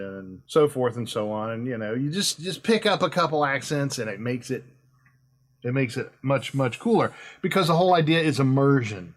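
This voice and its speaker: A man's voice: medium pitch, expressive, moderate pace. A middle-aged man hosting a casual chat, rambling and emphatic with lots of fillers. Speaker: host.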